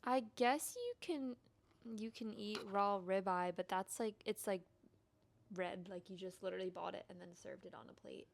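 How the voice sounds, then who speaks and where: A woman's voice: medium pitch, moderate pace, gravelly. A woman in her twenties co-hosting a casual podcast chat, easygoing and upbeat, with lots of fillers. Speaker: podcast co-host.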